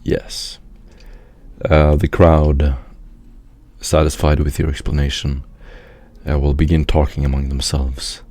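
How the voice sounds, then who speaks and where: Game master, man, bottom-of-the-range voice, unhurried pacing. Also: very deep voice, level tone, warm tone. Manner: slow, measured narration with fillers. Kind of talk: narrating a tabletop game.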